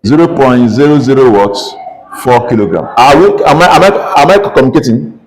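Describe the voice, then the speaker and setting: A man's voice: medium pitch, animated, brisk, slight background noise, low-quality recording. A Nigerian-accented man teaching pharmacy calculations in class, drilling students with constant call-and-response questions. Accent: Nigerian English. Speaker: pharmacy lecturer. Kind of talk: classroom lecture.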